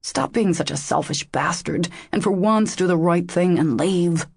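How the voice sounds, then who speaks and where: A woman's voice: on the low side, moderate pace, gravelly, darkish tone, husky, no echo. A woman voicing an angry, protective man who confronts a rival in an audiobook. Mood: furious. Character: furious protective man, scowling. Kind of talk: audiobook character voice.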